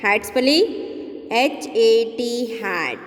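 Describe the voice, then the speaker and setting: Brief: Indian English woman, kindergarten teacher, very slow, spells letter by letter, higher voice, echoey room. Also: lively intonation, a little hiss or hum. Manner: spells letter by letter, asks and answers her own questions. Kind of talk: slow phonics lesson, spelling words aloud.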